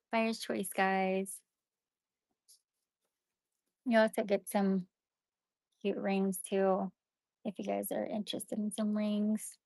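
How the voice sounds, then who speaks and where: A woman's voice: mid-range voice, level tone, slow pace, creaky, long pauses, a little mellow, no echo. Chatty woman venting to viewers. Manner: chatty, venting, full of "like" and "you know". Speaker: live-stream seller. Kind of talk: casual rambling chat to viewers.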